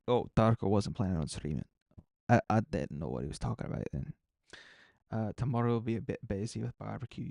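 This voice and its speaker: A young man talks casually to his live-stream audience, rambling and answering chat messages as they come in. His voice has a gravelly edge to it. The sound is dry and close, with no room echo. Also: mid-range voice, dark tone. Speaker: gaming streamer.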